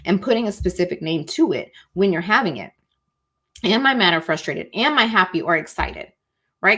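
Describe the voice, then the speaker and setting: A woman's voice: fairly low pitch, big pitch swings, moderate pace, pushed and bright, slightly rough. Woman, casual life-coach teacher; encouraging, chatty, calls listeners y'all. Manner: acts out inner thoughts in quoted asides.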